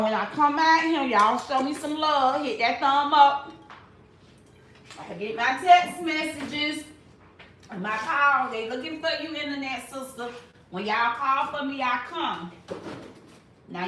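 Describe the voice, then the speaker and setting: A woman in her forties runs a casual live-stream commentary, addressing her chat in a slow, unhurried drawl. Her voice sits a little high, blunt and sassy. The room around her rings with a noticeable echo. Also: a bit bright, a little hiss or hum. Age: 40s. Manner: drawn-out, talks straight to the chat.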